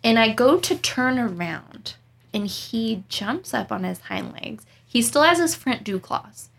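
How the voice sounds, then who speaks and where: A young woman recounts a story in casual conversation. Her voice is bright with a gravelly edge and sits fairly high. She tells it with animated drama and frequent laughter. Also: unhurried, slight background noise. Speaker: storyteller guest.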